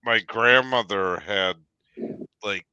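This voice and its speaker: A man's voice: on the low side, slow, highs cut off, crowd noise. A man telling a long rambling story in casual chat on a live stream, full of fillers and restarts.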